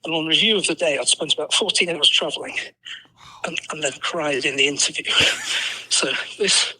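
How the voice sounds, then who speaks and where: A man's voice: on the high side, moderate pace, pushed and bright, a little hiss or hum, rough recording. An English man in his sixties, a podcast guest telling a story with self-deprecating humour and lots of "you know". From England. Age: 60s. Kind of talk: storytelling in conversation.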